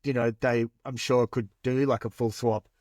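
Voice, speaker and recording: A man's voice: mid-range voice, moderate pace, no echo, clean studio sound. Rambling man on a podcast. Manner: rambling, animated, swears casually. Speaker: podcast co-host. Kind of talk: casual chat.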